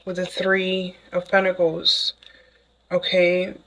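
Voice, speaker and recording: A woman giving a casual spoken tarot reading to the viewer, excitable and chatty, who keeps checking in with "okay?". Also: fairly low pitch, slow pace, slight background noise, poor audio. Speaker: tarot reader.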